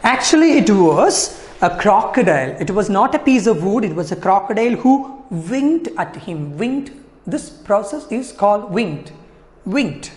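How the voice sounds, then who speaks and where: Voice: medium pitch, expressive, unhurried, darkish tone. A Malayalam-speaking English teacher with a Kerala Indian English accent, reading a story aloud to a class and explaining it, repeating words and asking questions. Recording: echoey hall reverb.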